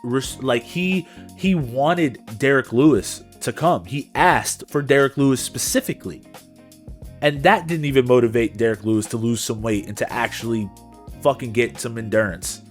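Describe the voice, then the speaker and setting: A man's voice: medium pitch, moderate pace, faint music behind. A young man co-hosting a podcast, recapping fights in casual, slangy chat and adding his own punch sound effects. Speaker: podcast co-host.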